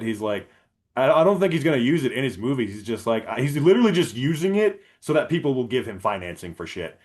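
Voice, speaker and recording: A man co-hosting a movie podcast in casual, profane, animated chat, laughing often. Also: mid-range voice, fast. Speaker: podcast co-host.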